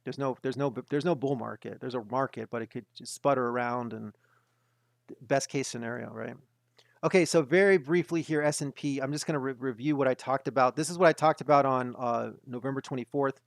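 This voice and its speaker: A man gives market commentary in a webinar, insistent and emphatic, often repeating himself to press a point. His voice sits at an ordinary middle pitch and is recorded close and dry, with no room sound around it. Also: normal speed, no echo. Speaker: market analyst hosting a webinar.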